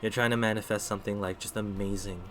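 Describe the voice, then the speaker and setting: Chatty low-voiced man reading tarot. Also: fairly even intonation, quick pace, fairly bright tone, slight background noise. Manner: chatty, thinks aloud with many fillers and restarts; talks to chat between readings. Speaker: streamer doing tarot readings. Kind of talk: casual live-stream tarot reading.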